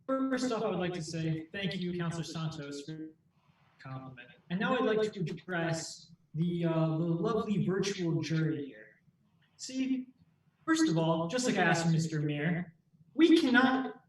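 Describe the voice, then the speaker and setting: A man's voice: sits high, big pitch swings, unhurried, a little hiss or hum. A man doing an improv bit as a lawyer arguing for muffins, playful and teasing in a mock courtroom style. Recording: roomy echo, distant from mic.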